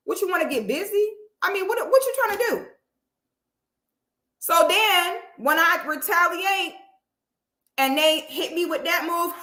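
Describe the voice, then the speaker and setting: A woman with a sharp, bright voice sits before the camera and vents, emphatic and loaded with profanity. Her speech keeps climbing in intensity. The sound carries a noticeable room echo. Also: extremely high pitch, moderate pace. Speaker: online commentator. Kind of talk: heated talk to camera.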